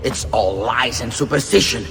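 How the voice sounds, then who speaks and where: An actor playing a scornful, scheming villainous pope in a video game cutscene, taunting with a gravelly sneer. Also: male voice, medium pitch, moderate pace, a bit bright, lightly acted. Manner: contemptuous taunting. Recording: game clip with reverb and music.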